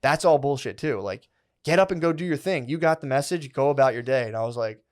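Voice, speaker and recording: A man on a casual comedy podcast, spinning a long, rambling story with lots of swearing and filler words. His voice sits at an ordinary middle pitch and he talks in an animated, excitable way. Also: quick pace. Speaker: podcast co-host.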